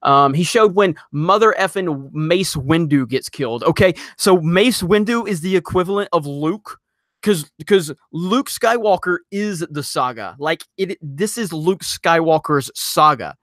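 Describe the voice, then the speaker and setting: Exasperated ranting man, fairly high voice. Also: animated, no echo, clean studio sound. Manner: exasperated, loud, rapid rants. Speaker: host of a live stream. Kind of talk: ranting live-stream commentary.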